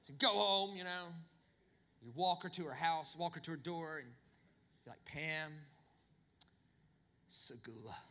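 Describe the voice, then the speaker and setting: A man preaching a sermon, telling humorous stories with animated, swinging delivery. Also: moderate pace, long reverb tail. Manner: animated, humorous storytelling with big pitch swings. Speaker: pastor.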